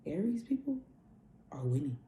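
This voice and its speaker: A woman's voice: sits low, big pitch swings, moderate pace, warm tone, slight background noise. A woman spiritual coach giving a casual astrology reading, loose and profane, repeating herself like a preacher. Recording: roomy echo.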